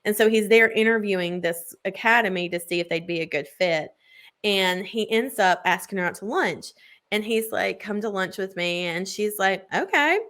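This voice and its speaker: A woman's voice: mid-range voice, steady tone, moderate pace, a bit bright. A woman in casual chat, gushing as she retells a book's plot with lots of filler words. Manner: gushing book recap full of "like" fillers.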